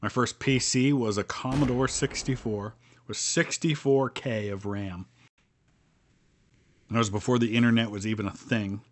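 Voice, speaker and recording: A man's voice: mid-range voice, steady tone, moderate pace, slight background noise. A middle-aged man from Ohio with a Midwestern American accent, chatting casually on a game live stream, rambling with ums and restarts. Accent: General American Midwestern. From Northeast Ohio, US. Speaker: streamer playing a strategy board game with viewers.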